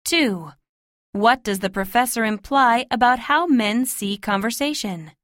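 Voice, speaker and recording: Female test announcer, slightly high voice, formal crisp reads, dry booth sound. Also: measured pace, fairly bright tone, no room sound. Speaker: test narrator. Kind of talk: scripted test instructions.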